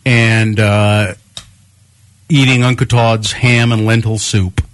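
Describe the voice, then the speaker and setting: A man's voice: lowish voice, slow pace. A man co-hosting a radio show, telling stories in casual banter and acting out the quotes. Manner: animated storyteller with voiced quotes. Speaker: radio co-host.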